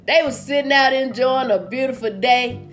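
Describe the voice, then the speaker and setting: A woman's voice: high voice, normal speed, faint music behind. A woman doing stand-up over a video call, telling folksy jokes and acting out each character's lines. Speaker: stand-up comedian. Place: home, virtual comedy show.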